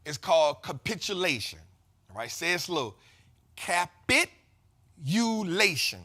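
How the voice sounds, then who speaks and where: A man hosting a casual investing show, explaining market terms in slangy, repetitive, animated talk. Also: a little high, moderate pace, husky. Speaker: host.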